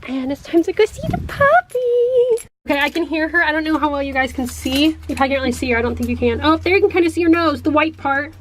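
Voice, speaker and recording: College-age woman vlogger, chatty and rambling, high voice. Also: fairly even intonation, very fast, hardly any pauses, fairly bright tone, a little hiss or hum. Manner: rambling, chatty, laughs when embarrassed. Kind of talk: casual vlog.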